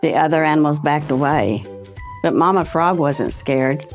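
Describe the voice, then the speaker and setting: A woman, a historical society president, reading a children's picture book aloud in a gentle storytelling manner. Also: sits low, normal speed, soft background music.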